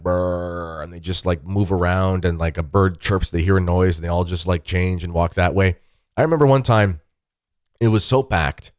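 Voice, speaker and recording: A man, hosting a show and telling rambling, animated anecdotes in a casual chat from his desk at home. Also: low voice, dry recording, studio quality. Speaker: podcast host. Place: home desk with weightlifting equipment behind.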